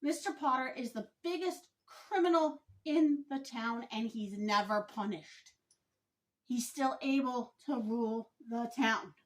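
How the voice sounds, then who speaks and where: A woman vlogger giving an opinion commentary monologue, speaking in a deliberate, emphatic and indignant way. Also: a little high.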